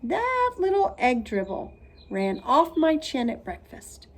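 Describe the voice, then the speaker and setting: Storybook: woman reading as a theatrical little boy, plotting, slow and a touch high. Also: huge pitch swings, full character voice. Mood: conspiring. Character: scheming, dramatic first-grade boy.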